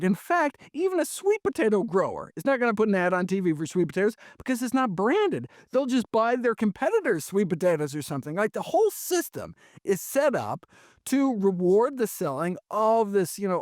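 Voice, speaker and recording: A man, a physician guest, answering in an animated, emphatic conversational style, often tagging points with "right?". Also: sits high, dry recording, studio quality. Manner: animated, emphatic, frequent "right?" and "you know".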